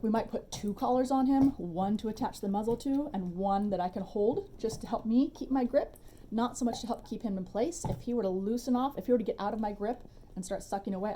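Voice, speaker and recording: A woman dog trainer giving a relaxed, chatty demonstration tutorial at home, with informal asides. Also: mid-range voice, slight background noise.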